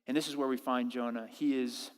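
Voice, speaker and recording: A man preaching a sermon as pastor, animated and acting out quoted prayers with halting restarts. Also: mid-range voice, clean tone, long reverb tail. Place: church service.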